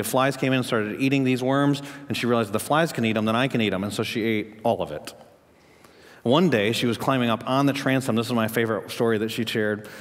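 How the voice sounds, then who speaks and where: A pastor preaches a sermon, telling a story and putting questions to the congregation. His pitch and volume rise as he drives home his points, and the audio carries a long reverb tail.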